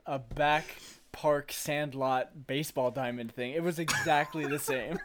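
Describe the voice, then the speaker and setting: A man's voice: on the high side, steady tone, a little slow, fairly bright tone. A man in casual chat recapping a film, laughing often, swearing freely and acting out lines of dialogue.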